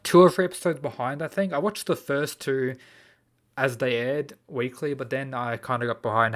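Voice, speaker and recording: A man's voice: medium pitch, fairly bright tone. An Australian man chatting casually on a livestream, laid-back and rambling with lots of fillers. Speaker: anime streamer.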